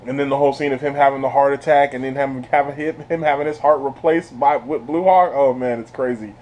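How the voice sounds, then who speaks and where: A man giving a casual spoiler review of a TV series. He laughs often, talks in slang and sounds animated. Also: medium pitch, a little fast. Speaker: TV show reviewer.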